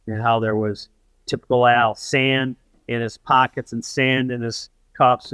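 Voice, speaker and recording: A man's voice: mid-range voice, fairly bright tone, no room sound. Man telling a story in a dry room. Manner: anecdotal, acts out quoted dialogue with halting restarts. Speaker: podcast guest. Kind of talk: conversational storytelling.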